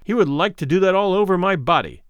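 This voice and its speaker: A man's voice: high voice, lively intonation, fast, clear, resonant tone, no echo, lo-fi sound. A man voicing a coarse, domineering small stranger who mocks and bullies his companion in a spoken story. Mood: taunting. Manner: mocking, bullying taunts.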